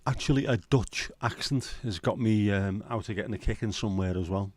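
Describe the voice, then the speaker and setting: A man's voice: lowish voice, brisk, darkish tone. A man hosting a casual livestream chat, chatty and sweary with self-deprecating humour. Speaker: livestream host.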